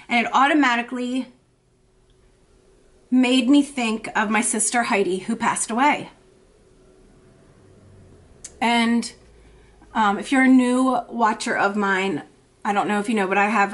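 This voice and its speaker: A woman in her thirties talks to camera in a confessional makeup vlog, her voice pitched a little high. She speaks in halting, emotional bursts, full of fillers and restarts. She sounds shaky and anxious. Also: fairly bright tone. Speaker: beauty vlogger.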